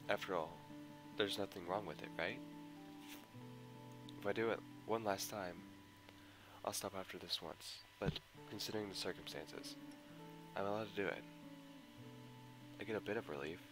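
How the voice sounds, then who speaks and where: A man's voice: sits low, rough recording. A man giving a dramatic first-person narration of a visual novel with an emotional, anguished delivery. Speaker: visual novel mod reader. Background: guitar music.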